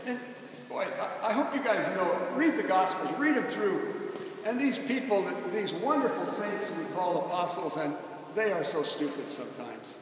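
A man's voice: high-pitched, expressive, moderate pace, slight background noise. A man preaching a sermon in a conversational, emphatic way, calling on the congregation to answer him. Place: church. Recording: echoey church hall, mic at a distance.

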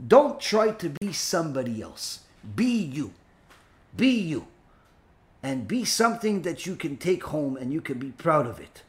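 A man who is a rabbi, giving an informal spoken lecture, rambling with many fillers and turning emphatic and scolding. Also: sits high. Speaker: rabbi and teacher.

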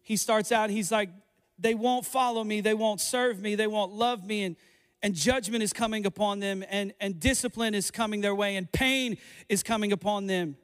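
A man's voice: high-pitched, fairly even intonation, moderate pace, clear, resonant tone. A man preaching a sermon, earnest and building to impassioned appeals to the congregation. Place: church hall. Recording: echoey hall with faint music. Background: faint music.

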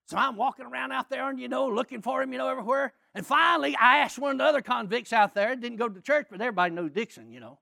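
A middle-aged man preaching a sermon as a lively story, often shouting and laughing as he tells it. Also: very high-pitched, fast, creaky, few pauses.

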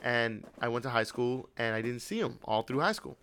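A man's voice: medium pitch, animated, brisk, a bit bright, smooth. A young man and podcast host telling a long, rambling, profane story in casual chat.

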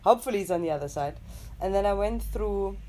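A woman's voice: mid-range voice, animated, fast talker, mellow, a little hiss or hum. A young woman from Germany, telling a story in casual chat with her partner, laughing often. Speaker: co-host.

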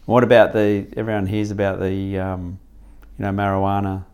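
A man's voice: low voice, little pitch movement, moderate pace, darkish tone, clean tone. A man interviewing a relative, asking short and casual follow-up questions.

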